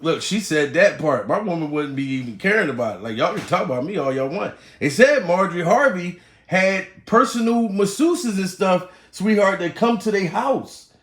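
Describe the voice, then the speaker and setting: A man's voice: high-pitched, lively intonation, normal speed, a bit bright, roomy sound. A man giving blunt, joking, profane commentary on a live stream as he reacts to clips. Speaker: YouTube commentator.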